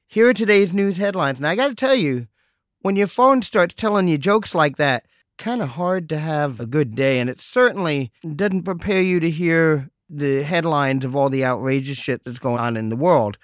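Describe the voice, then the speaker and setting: A middle-aged man hosting a solo podcast, telling a story in a wry, deadpan way with mock exasperation. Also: a little high, moderate pace, dry recording, studio quality. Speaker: podcast host.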